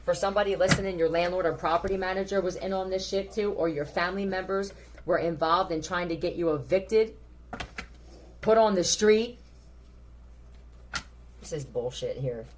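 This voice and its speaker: Blunt, low-voiced woman tarot reader. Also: normal speed, pauses often, background noise. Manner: blunt, profane, thinking aloud. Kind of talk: casual tarot reading commentary.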